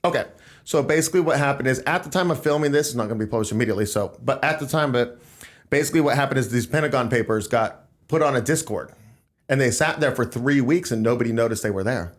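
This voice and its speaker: A man's voice: medium pitch, fast talker. A man hosting a casual political podcast, talking in an emphatic, rambling way. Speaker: podcast host.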